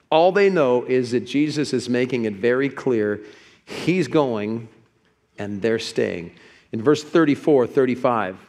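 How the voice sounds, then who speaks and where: A man preaching a sermon as a pastor, conversational in tone and growing animated as he quotes scripture. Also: mid-range voice. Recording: echoey hall with long reverb.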